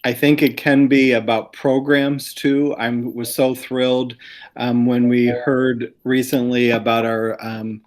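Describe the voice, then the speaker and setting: A man's voice: mid-range voice, little pitch movement, takes it slowly. A man who works as a school district administrator, explaining plans to a planning group in an earnest, explanatory way over a video call.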